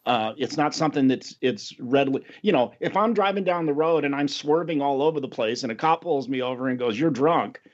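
A man's voice: medium pitch, fairly quick, few pauses. A man in casual podcast conversation as a guest, talking earnestly and rambling through many restarts, laughing easily. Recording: lo-fi dull sound.

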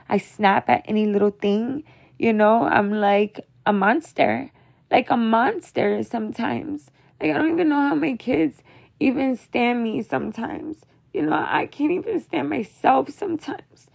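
A young woman speaks in a casual confessional monologue, her slightly raised voice thick with vocal fry. She rambles emotionally about being a mother and fills her sentences with "like" and "you know.". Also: a little high, darkish tone. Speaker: mother venting to viewers.

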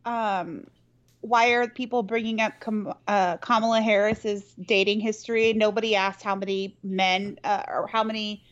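A woman co-hosting a podcast over a video call, blunt and quick to laugh, cursing freely in casual chat. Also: mid-range voice, steady tone, highs cut off. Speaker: podcast co-host.

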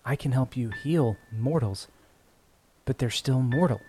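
A man voicing a gentle healing deity who speaks softly and patiently. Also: mid-range voice, unhurried, slight background noise, natural voice. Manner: gentle, soft.

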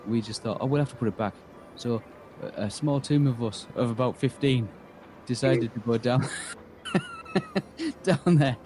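A man's voice: mid-range voice, dark tone, slight background noise, poor audio. A man, game master telling an in-character story in a rambling way, acting out quoted lines. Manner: rambling, full of restarts and acted-out quotes.

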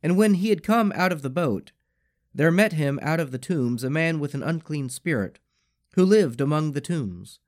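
A man reading scripture and prayers aloud in a measured, expressive way. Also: fairly high pitch. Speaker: scripture reader.

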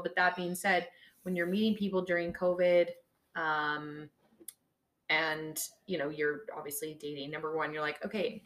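A woman's voice: low-pitched, slight background noise. A young woman chatting as a podcast guest, blunt and self-deprecating, swearing freely. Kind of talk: casual chat.

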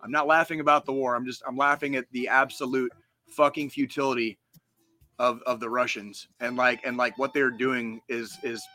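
A man's voice: medium pitch, flat delivery, normal speed, sharp tone, faint music behind. A man co-hosting a podcast in casual chat, ranting heatedly with heavy swearing and frequent restarts. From United States. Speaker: podcast co-host.

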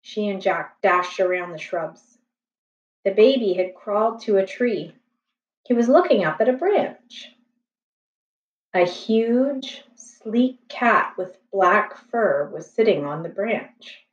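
A woman reading a children's chapter book aloud in a slow, gentle, expressive way. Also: medium pitch. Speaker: storybook reader. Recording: echoey room, distant, slightly dull.

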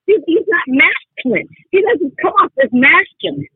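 A woman calling in to a talk show, talking with animated emphasis and often cutting in. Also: very high-pitched, moderate pace, no room sound. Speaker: caller. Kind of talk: call-in show chat. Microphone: phone. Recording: tinny phone line.

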